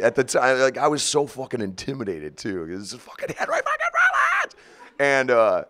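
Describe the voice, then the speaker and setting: A man in his forties, the guest of an interview, telling stories in an animated, profane way with frequent laughter. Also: mid-range voice. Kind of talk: storytelling interview.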